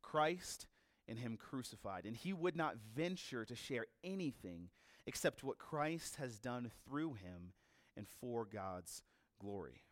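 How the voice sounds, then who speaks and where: A male pastor preaching a sermon, telling a story with lively energy and acting out the characters he quotes. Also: medium pitch, slow pace, no echo.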